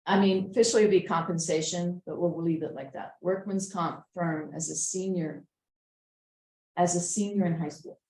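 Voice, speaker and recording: A woman's voice: lowish voice, fairly even intonation, moderate pace, darkish tone, echoey room, rough recording. A woman teaching a writing class, patiently reading sentences aloud again and again to check the commas. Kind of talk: editing a student essay aloud in class.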